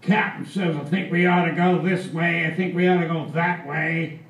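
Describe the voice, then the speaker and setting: A man's voice: on the high side, steady tone, normal speed, fairly bright tone, pitched above the performer's own voice, lightly acted. A man voicing an irritated navy captain who grumbles offhandedly, in a story told on stage. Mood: aggravated. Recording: roomy live hall, distant mic, faint ambience.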